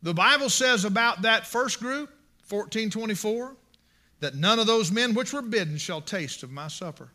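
A man's voice: high-pitched, animated, moderate pace, bright, forceful tone. A man preaching a sermon, impassioned and emphatic, repeating his phrases for emphasis.

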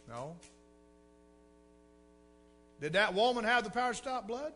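A middle-aged preacher, telling a story in a folksy, animated way and repeating words for effect. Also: male voice, sits high, normal speed, long pauses, soft background music. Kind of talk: sermon storytelling.

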